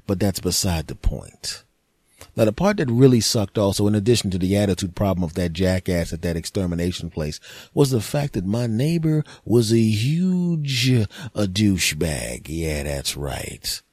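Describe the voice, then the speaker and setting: A man's voice: lowish voice, animated, moderate pace, darkish tone, slightly rough, no echo, clean studio sound. A man, a comedian hosting his own podcast, telling a rambling, profane, jokey story as a monologue.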